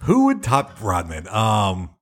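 A man co-hosting a podcast in casual, quick-witted banter. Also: on the low side, huge pitch swings. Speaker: podcast co-host.

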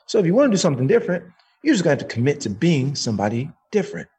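A man's voice: a little high, big pitch swings, a little mellow, slightly rough, heavily acted. A man voicing a teasing, knowing God. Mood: stern. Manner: slow, teasing, profane. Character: calm, knowing male God, chiding.

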